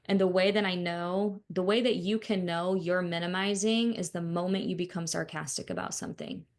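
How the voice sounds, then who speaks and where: A woman's voice: on the low side, fairly even intonation, moderate pace. A woman co-hosting a podcast who talks with clients as a counselor, giving blunt, opinionated views in casual chat.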